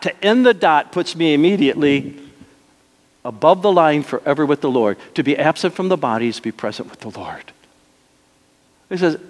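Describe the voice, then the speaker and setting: Preaching man in a reverberant church. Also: a little high. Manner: preaching with wide swings between soft and emphatic. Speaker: pastor. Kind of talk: sermon. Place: church sanctuary. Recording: long reverb of a church hall.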